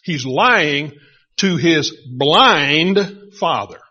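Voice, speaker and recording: A middle-aged man preaching a sermon, retelling a story in a conversational, animated way. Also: fairly high pitch, drawn-out words. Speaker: pastor. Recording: dull lo-fi recording.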